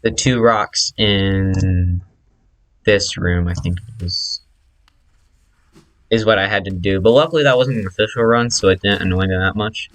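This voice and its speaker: A man's voice: deep voice, measured pace, rough recording. A man who speedruns, casually explaining his own run over replay footage, chatty and correcting himself as he goes.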